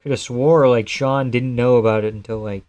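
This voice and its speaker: A man's voice: medium pitch, fairly even intonation, normal speed, a little mellow. A man streaming live, chatting loosely and answering his viewers' messages, with the odd curse. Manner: loose, rambling, profane, answers chat messages. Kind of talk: casual live-stream chat reacting to a fight card.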